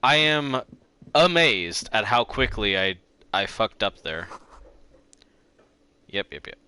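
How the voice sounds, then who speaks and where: A man streams a game from home, talking in a chatty, self-mocking way and reading the on-screen text aloud. His voice sits a bit low but sounds bright and crisp, recorded close and dry. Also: animated, slow, no room sound.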